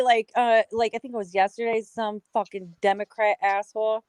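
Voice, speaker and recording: This is an angry, swearing American woman ranting in casual conversation. Her voice sits on the higher side and is recorded dry and close, with no room sound at all. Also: fairly even intonation, normal speed, a little mellow, no echo, low-quality recording. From United States. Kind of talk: heated casual talk.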